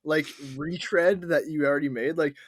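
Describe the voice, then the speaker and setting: Blunt, higher-voiced man on a podcast. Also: fairly even intonation, normal speed, no echo. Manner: blunt, opinionated, heavy with fillers like "like". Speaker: podcast co-host. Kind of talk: casual movie review chat.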